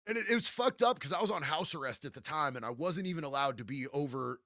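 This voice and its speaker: Brash male guest with a bright, tense voice and a dry close sound, profane and streetwise, always tossing in "bro". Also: fairly high pitch, lively intonation, fast, dry recording. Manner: profane, streetwise, peppers talk with "bro" and "dog". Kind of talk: casual storytelling.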